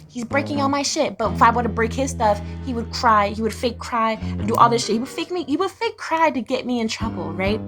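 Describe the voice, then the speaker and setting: Young woman, confessional vlogger, raw and blunt, medium voice, music bed behind. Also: mid-range voice. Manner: emotional, blunt, swearing, swings between raw and flat. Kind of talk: personal confessional storytelling.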